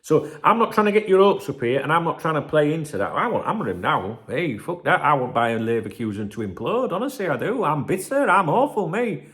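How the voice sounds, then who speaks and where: A man's voice: fairly high pitch, brisk, few pauses. Sweary, rambling man ranting. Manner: animated, sweary, rambling, bitter banter. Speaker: football channel host. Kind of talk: casual ranting vlog.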